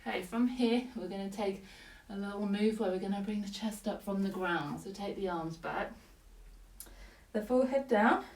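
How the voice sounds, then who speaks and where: A woman's voice: mid-range voice, normal speed. Woman leading yoga from across a room. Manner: calm breath-paced cueing with short commands. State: slightly out of breath. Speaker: yoga teacher. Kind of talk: guided yoga class instruction. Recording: echoey room, voice from a distance.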